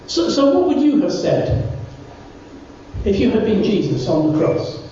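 A preacher giving a sermon who repeats words and phrases and slows down to stress key words. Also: mid-range voice, very animated, mellow, a little hiss or hum. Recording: very echoey, distant, dull church recording.

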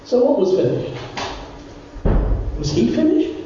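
A preacher giving a sermon who repeats words and phrases and slows down to stress key words. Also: medium pitch, wildly swooping pitch, mellow, a little hiss or hum. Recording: very echoey, distant, dull church recording.

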